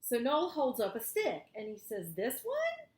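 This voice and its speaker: A woman's voice: a little high, sing-song, moderate pace, darkish tone, reverberant. A woman hosting a book show, reading a graphic novel aloud and explaining the panels.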